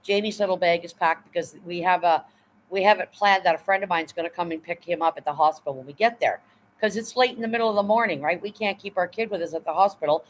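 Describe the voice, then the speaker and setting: A woman's voice: on the low side, quick pace, a little hiss or hum, rough recording. A woman in her fifties, hosting a casual livestream, telling a story bluntly with frequent swearing and "right?" asides. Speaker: livestream host.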